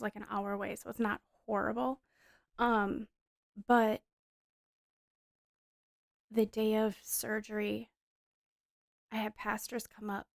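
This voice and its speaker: A woman in her thirties, speaking as a wife giving her testimony, uses a medium-pitched voice with vocal fry. Her account is heartfelt, emotional and casually narrated with frequent fillers, captured at studio quality without echo.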